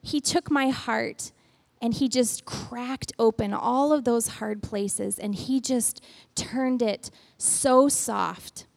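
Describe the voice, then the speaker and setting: A blunt, reformed former biker woman, given voice by a woman retelling her story, talking plainly and earnestly about her past. The voice is still high-pitched, only a touch lower than the teller's own. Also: slow pace, gravelly.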